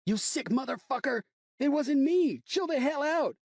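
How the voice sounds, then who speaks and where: A man playing a young roommate shouting back in protest, pitched high and strained. His voice is husky and dry. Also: normal speed, no echo. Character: defensive young male dorm roommate.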